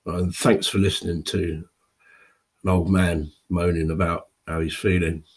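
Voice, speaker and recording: Tearful, very husky low-voiced man in his fifties. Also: level tone. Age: 50s. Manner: halting, raw and emotional, with pauses and restarts. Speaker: video blogger. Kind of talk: personal confessional monologue.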